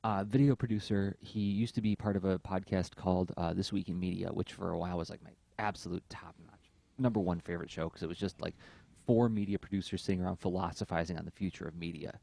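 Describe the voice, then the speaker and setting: A man's voice: deep voice, fairly even intonation, quick pace, vocal fry, mellow. A man co-hosting a podcast, talking in long, thoughtful runs with many fillers in casual conversation. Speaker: podcast co-host.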